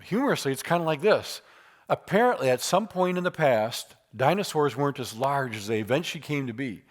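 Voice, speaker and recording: A man at a church teaching apologetics with emphasis and easy humor. His voice sits at an ordinary middle pitch, and he leans hard on the words he wants the room to remember. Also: animated, fairly quick. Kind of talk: lively church lecture.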